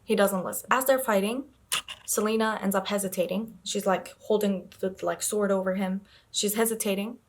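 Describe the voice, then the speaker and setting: A woman's voice: medium pitch, steady tone, moderate pace, a little hiss or hum. Young woman, book vlogger, casual chatty recap, rambling, filler words. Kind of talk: casual reading vlog.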